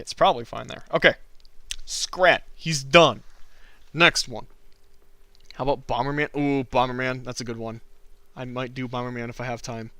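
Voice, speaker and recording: A man's voice: medium pitch, sharp tone, dry recording. Chatty man drawing on a livestream. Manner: chatty, answers chat, laughs often. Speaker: livestream host, cartoonist. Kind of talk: casual chat while drawing.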